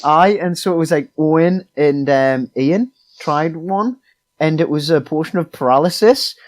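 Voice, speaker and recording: A man's voice: fairly high pitch, measured pace, low-quality recording. A young man on a casual podcast, rambling through a story of running a tabletop game, full of fillers and swearing. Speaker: podcast co-host, game master. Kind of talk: casual chat.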